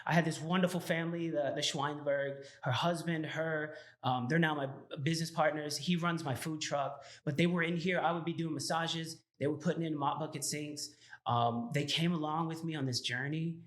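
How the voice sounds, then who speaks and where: At a moderate pace and a fairly high pitch, a restaurant owner with a Texan accent tells his story as a guest in a casual chat, animated and laughing while he acts out the lines of dialogue.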